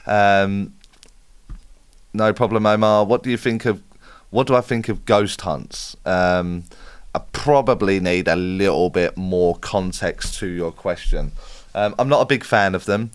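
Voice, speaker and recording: Low-voiced man hosting a live Q&A. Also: unhurried, clean tone, no room sound. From United Kingdom. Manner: chatty, reads out viewer comments and answers off the cuff. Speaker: spiritual medium hosting a live Q&A. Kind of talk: casual live-stream Q&A.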